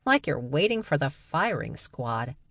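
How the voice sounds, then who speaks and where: Woman narrator's blunt, barking badger sister, low and dry. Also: expressive, moderate pace, dry recording, natural voice. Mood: bossy.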